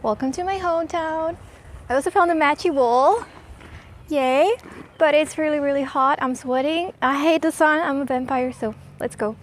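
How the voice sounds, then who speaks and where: A woman's voice: high-pitched, moderate pace. A young woman from Croatia talking casually to camera in a vlog, chatty and self-deprecating, at times emotional. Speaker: vlogger. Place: outdoors in a hot town.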